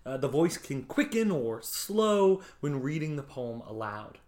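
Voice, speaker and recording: A man's voice: on the high side, very animated, unhurried, a little mellow. A man teaching a lesson on poetry, explaining patiently in a conversational way, with frequent ums and small restarts. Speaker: poetry instructor. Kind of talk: conversational lecture.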